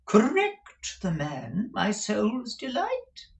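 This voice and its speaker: A high, swooping fop pours out lavish pet names with a strained, odd edge to the voice, as a male reader puts him on. He drags out his words in a lilting, overblown, theatrical way for a classic storybook. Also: very animated, takes it slowly, gravelly, fairly bright tone, full character voice. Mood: gushing, theatrical. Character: foppish flamboyant husband, gushing endearments.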